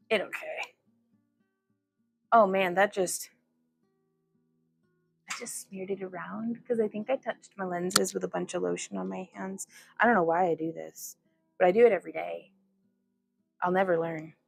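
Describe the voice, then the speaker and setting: A woman's voice: fairly low pitch, steady tone, a little slow, vocal fry, pauses often, husky, faint music behind. A woman hosting a casual livestream, chatty and giggly, often laughing at herself. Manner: giggly, chatty, self-deprecating. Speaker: livestream host.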